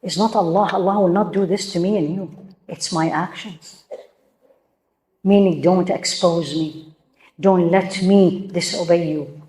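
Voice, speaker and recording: A woman's voice: fairly low pitch, darkish tone, reverberant. A woman teaching a religious talk to a room of women, emphatic and full of rhetorical questions. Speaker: Islamic teacher. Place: room with a live audience.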